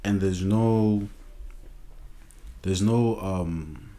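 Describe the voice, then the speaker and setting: A man's voice: sits low, very slow, dark tone. Laid-back South African guy bantering. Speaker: podcast co-host. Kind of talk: casual chat.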